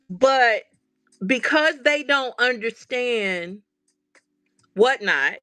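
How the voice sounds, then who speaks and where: A woman's voice: fairly high pitch, fairly bright tone. A woman hosting a craft livestream, chatting casually and animatedly straight to her viewers.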